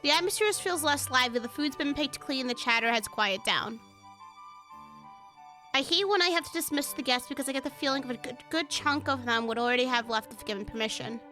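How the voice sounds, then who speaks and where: A woman streamer reading a dating game's narration aloud in a measured tone, with profane asides. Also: high voice, sharp tone, soft background music. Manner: swears freely, reads narration in a measured tone. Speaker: gaming streamer. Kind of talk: reading a game aloud with reactions.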